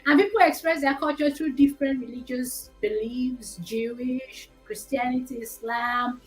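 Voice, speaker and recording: Nigerian lady hosting a chat, kinda high voice, explains stuff and jokes around. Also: moderate pace, faint music behind, poor audio. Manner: chatty, explaining, joking. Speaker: host. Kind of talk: casual educational discussion.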